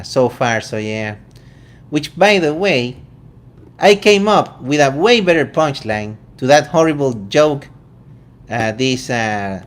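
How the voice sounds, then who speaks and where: A man from Venezuela with a Venezuelan accent, hosting a casual vegan commentary show in a joking, incredulous way. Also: mid-range voice. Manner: incredulous, joking, quick asides. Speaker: vegan channel host.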